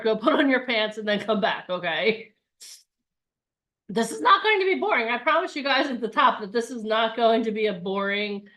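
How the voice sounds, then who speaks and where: Woman, bright tone, fairly high voice, upbeat workshop coach, video call. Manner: upbeat, chatty, acts out voices of inner thoughts. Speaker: bootcamp coach. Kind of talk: live online workshop talk.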